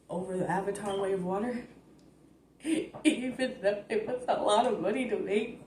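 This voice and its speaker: A woman's voice: mid-range voice, echoey room, a little hiss or hum. A woman vlogger giving a blunt, profane, rambling recap, recorded on her phone. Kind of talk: casual rant recap.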